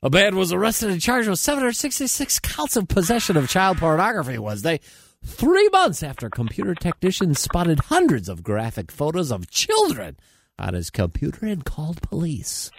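A man's voice: high-pitched, wildly swooping pitch, moderate pace, vocal fry, no echo. A man reading joke news stories in a mock-serious way, often breaking into laughter. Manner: laughs through his own lines, mock-serious. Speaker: comic news reader.

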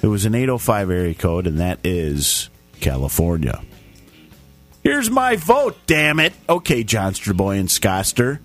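Husky-voiced man, lively podcast banter. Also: on the low side, a little slow, soft background music. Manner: jokey, stumbles and restarts while reading. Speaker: podcast co-host. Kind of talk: casual podcast chat, reading listener comments aloud.

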